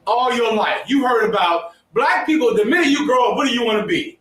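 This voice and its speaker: A man's voice: very high-pitched, lively intonation, fairly quick, fairly bright tone. A man teaching a history class, lecturing emphatically and quizzing his students. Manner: emphatic, preachy, asks the class questions. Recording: echoey room, mic far off.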